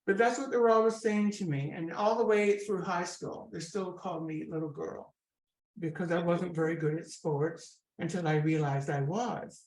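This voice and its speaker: A woman in her sixties with a Scottish accent, telling her story with lively asides in an interview. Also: fairly low pitch, normal speed. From Scotland. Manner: chatty, animated storyteller with asides. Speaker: guest comedian. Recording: echoey room.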